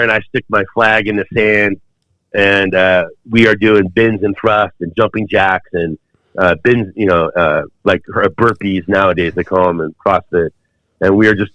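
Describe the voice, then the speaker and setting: Low-voiced man telling a story. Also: fairly bright tone, no room sound. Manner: rambling, many fillers and restarts. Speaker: podcast guest. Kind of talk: storytelling in conversation. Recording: dull, dry podcast audio.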